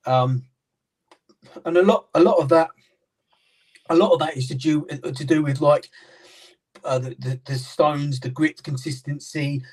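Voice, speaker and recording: Brief: British man, casual guest on a chat stream, rambling and full of restarts, a touch higher voice, a little far from the mic. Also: fairly even intonation, measured pace, long pauses, darkish tone, slightly rough. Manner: rambling, many fillers and restarts. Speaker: knife sharpener and maker, guest.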